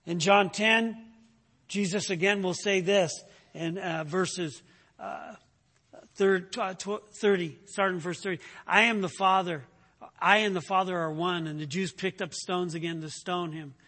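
A man preaching a sermon, teaching with rhetorical questions and frequent "right?" check-ins, and rising in pitch when he presses a point. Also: steady tone, unhurried, sharp tone.

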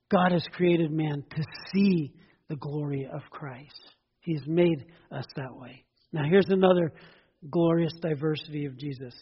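A man delivers a sermon in a husky, high voice, pressing his point with rhetorical questions and emphatic repetition. The recording is dull and lo-fi, with long reverb trailing off his words as if in a large hall. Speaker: preacher.

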